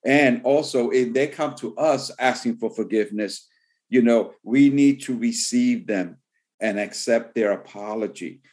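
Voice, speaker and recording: A man of ordinary pitch preaches through a Bible passage in a relaxed, conversational manner. He leans on "you know" between thoughts and slows down deliberately whenever he reads scripture aloud. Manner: conversational, heavy use of "you know" fillers. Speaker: pastor. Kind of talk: sermon Bible teaching.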